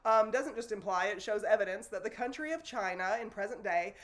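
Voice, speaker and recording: A woman's voice: medium pitch, brisk. Lady teacher lecturing on sociology, chatty, lots of ums and restarts, in front of a classroom board. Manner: conversational, with fillers and self-corrections.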